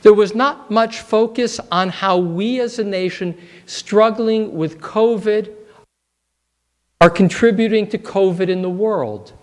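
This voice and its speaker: A male rabbi delivering a sermon, weaving in a folk tale with measured, reflective phrasing. His voice sits fairly high, and he takes his time. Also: a little mellow. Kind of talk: sermon with storytelling.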